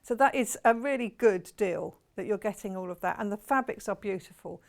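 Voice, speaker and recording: A woman's voice: medium pitch, fairly quick. A woman presenting on a shopping channel, chatty and enthusiastic, gushing about each fabric. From United Kingdom. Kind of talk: live TV sales presentation.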